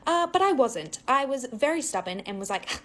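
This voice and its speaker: A woman's voice: high-pitched, very animated, normal speed, a bit bright. A young married woman telling a childhood story in a wry, matter-of-fact way. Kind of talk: casual storytime.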